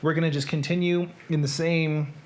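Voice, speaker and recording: A man's voice: a little high, little pitch movement, normal speed. A man with a Southern US accent hosting a live reading stream, chatting casually and rambling with small self-corrections. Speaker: host of a live reading show.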